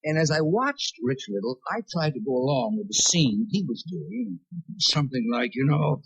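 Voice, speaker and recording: A man's voice: fairly high pitch, lively intonation, moderate pace, husky, poor audio. A man as guest of honor at a comedy roast, telling wry self-mocking jokes in a vintage television broadcast recording. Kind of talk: stand-up roast speech.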